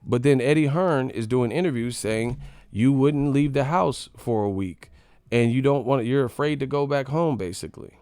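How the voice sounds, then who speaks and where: A man's voice: mid-range voice, moderate pace, a little mellow, smooth, no echo. Heated man ranting on a live stream. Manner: heated, mocking, slangy, repeats points. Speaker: boxing commentary channel host.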